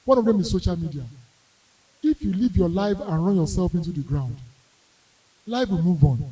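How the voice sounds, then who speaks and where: A young Nigerian man with a Yoruba-tinged English accent doing animated stand-up storytelling, acting out characters and bursting into shouted wails. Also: high-pitched, normal speed, husky, recorded from a distance, poor audio. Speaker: stand-up comedian.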